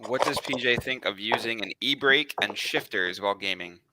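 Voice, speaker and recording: A man's voice: lowish voice, moderate pace, very noisy. A man with a New York accent hosting a livestream, chatting casually and reading questions from chat. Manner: relaxed, reads chat questions. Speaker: stream host.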